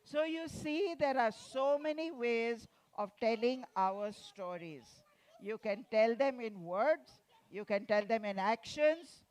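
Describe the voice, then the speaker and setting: A woman guides a group of children through a storytelling session, speaking slowly and deliberately. Her voice sits a little high, and she coaxes answers from the kids with playful prompts. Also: a little mellow. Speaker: children's author at a festival session. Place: festival venue.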